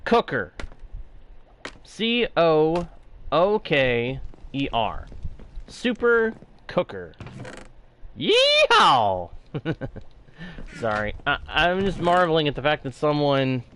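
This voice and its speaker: Slow and sing-song, his fairly high voice carries a Texan-sounding drawl as he streams a block-building game, narrating his build and reading chat aloud. A little hiss or hum is present.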